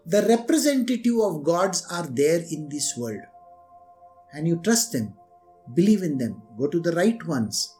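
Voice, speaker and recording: A man with a high-pitched voice delivers a devotional discourse as a spiritual teacher. He tells stories animatedly and often turns to his listeners with rhetorical questions. Soft music plays faintly behind him. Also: big pitch swings, unhurried.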